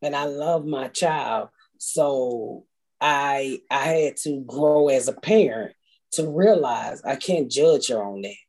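A woman's voice: extremely low pitch, animated, slow, a little mellow. A middle-aged woman from the United States, a guest talking casually and telling stories bluntly, with plenty of profanity. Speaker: podcast guest. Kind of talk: casual chat.

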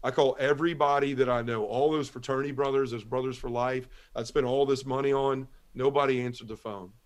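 A man giving a halting, emotional personal testimony as a guest on a talk show, often repeating words as he speaks. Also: mid-range voice, fairly even intonation. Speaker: guest telling his conversion story.

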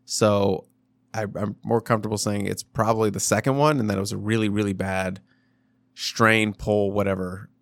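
A man with a lowish, gravelly voice talks sports in a loose, rambling way, full of fillers and restarts. He sounds like a podcast co-host in casual chat. The room is dry, with hardly any echo. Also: steady tone, normal speed.

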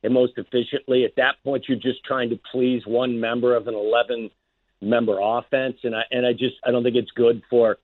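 A man's voice: medium pitch, level tone, fairly quick, no echo. A man, a former wide receiver, talking football as a guest on sports radio in a plainspoken, earnest way. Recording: dry phone line.

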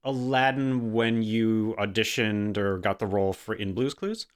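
A man's voice: lowish voice, a little slow. A man interviewing a guest, asking open questions and giving short listening sounds.

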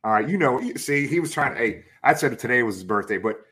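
A man's voice: medium pitch, lively intonation, quick pace, pushed and bright. A middle-aged man hosting a casual sports interview, enthusiastic and full of hype, calling his guest brother and man. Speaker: host.

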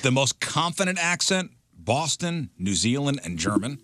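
A man's voice: medium pitch, big pitch swings, moderate pace, bright, forceful tone, no echo. A man hosting a morning radio show, reading out poll results between jokes and laughing with his co-hosts. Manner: reads poll results aloud, laughs often.

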